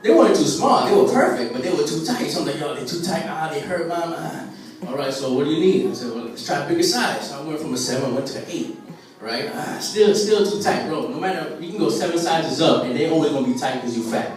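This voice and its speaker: Over loud music, a man with a slightly high voice, lively intonation and quick pace does an open-mic stand-up set on a restaurant stage. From a Puerto Rican family in the US, he tells a loose, rambling story full of fillers and character voices, recorded far from the camera in a very echoey space.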